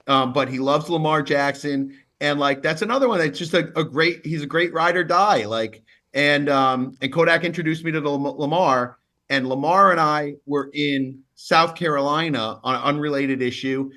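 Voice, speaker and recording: A man, a lawyer, telling stories in a relaxed interview, chatty and full of repeated words. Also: a little high, moderate pace. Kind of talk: casual interview storytelling.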